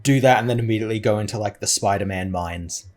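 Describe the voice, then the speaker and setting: A man's voice: fairly low pitch, fast. A man co-hosting a comics podcast in easygoing casual chat, full of "like" and small restarts. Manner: easygoing, many fillers like "like".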